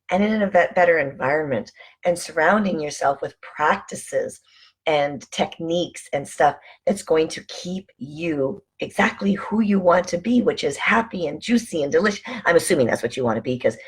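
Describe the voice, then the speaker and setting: A woman with a fairly low, strongly breathy and husky voice speaks in a relaxed vlog style. She coaches calmly and encouragingly, talking straight to her viewers. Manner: calm, encouraging, coaching listeners through breathing. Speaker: wellness vlogger. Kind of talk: casual motivational talk to camera.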